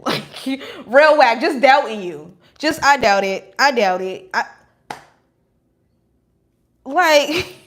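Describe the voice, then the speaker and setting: A woman doing a casual tarot reading, blunt and animated, laughing often as she talks. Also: fairly high pitch. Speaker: tarot reader.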